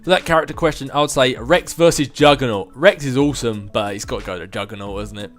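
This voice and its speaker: A man's voice: medium pitch, quick pace, soft background music. A man in his twenties answering viewer questions in a casual chat, rambling, self-mocking and chuckling often. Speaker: gaming video host answering viewer questions.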